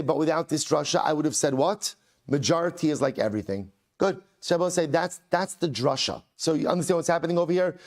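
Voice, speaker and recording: Emphatic rabbi teaching a Talmud class. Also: male voice, on the high side, a little mellow. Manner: emphatic, repeats rhetorical questions, chants Aramaic phrases slowly.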